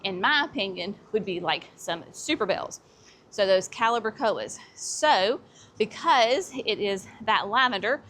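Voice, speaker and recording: A woman's voice: medium pitch, fairly bright tone, slight background noise. A woman hosting a casual walk-through of plants at a garden center, chatty and enthusiastic. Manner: chatty and enthusiastic, says y'all often.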